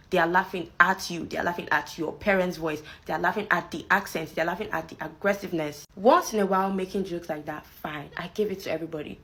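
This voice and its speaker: Exasperated Nigerian woman, lower voice. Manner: exasperated, forceful. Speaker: content creator. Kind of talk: opinion commentary.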